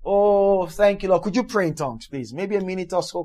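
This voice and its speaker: Fervent high-voiced male preacher. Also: a little fast, few pauses, warm tone. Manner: fervent, repetitive, prays in tongues. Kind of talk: sermon with Bible reading.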